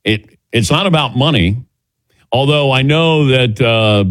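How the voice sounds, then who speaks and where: Middle-aged sports radio host, dry sound. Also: male voice, mid-range voice, measured pace, a bit bright, no echo. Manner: storytelling, acts out quoted voices. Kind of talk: casual sports radio chat.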